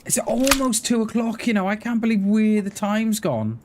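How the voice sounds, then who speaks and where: A man's voice: high-pitched, lively intonation, moderate pace, a little mellow, slight background noise. A man streaming a survival game, chatting casually with his viewers in a rambling way, often restarting his words. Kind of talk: casual livestream chat while gaming.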